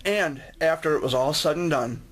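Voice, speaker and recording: A man's voice: on the high side, normal speed. A man telling a personal story in a casual, rambling way, often restarting his sentences. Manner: rambling, with frequent restarts and asides. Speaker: vlogger sharing a memory.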